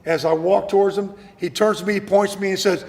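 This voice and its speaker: High gravelly man telling stories. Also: quick pace, long reverb tail. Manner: animated storyteller, repeats words when starting sentences. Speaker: actor guest. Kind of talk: casual interview chat.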